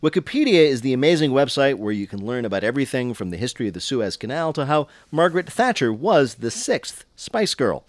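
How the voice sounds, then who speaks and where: A man hosting a comic radio quiz show, brisk and playful, joking with callers. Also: medium pitch, no echo.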